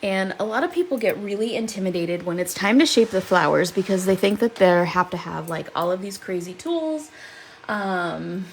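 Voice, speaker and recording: A woman's voice: mid-range voice, animated, moderate pace, a little hiss or hum, poor audio. Chatty upbeat woman hosting a craft stream. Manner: chatty and upbeat, laughs often. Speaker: crafting livestream host. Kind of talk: live crafting demo, chatting with viewers. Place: seated at a home craft desk.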